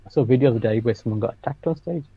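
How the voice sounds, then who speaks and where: Speaking rapid-fire in a husky, mid-range voice, this Englishman co-hosts a podcast and works as a stand-up comedian. He spins anecdotes in relaxed conversation and laughs frequently; the audio has no echo but sounds muffled.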